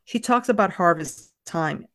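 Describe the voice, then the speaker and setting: A woman's voice: fairly low pitch, animated, measured pace, dry recording, clean studio sound. A woman co-hosting a podcast, chatting casually and emphatically about a book. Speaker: podcast co-host.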